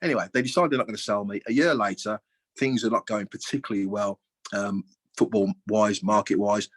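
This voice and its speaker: Husky older man telling a story. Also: lowish voice, brisk. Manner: lively, acts out other people's lines with big jumps in voice; colloquial, chatty. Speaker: guest, former footballer. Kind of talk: anecdotal storytelling.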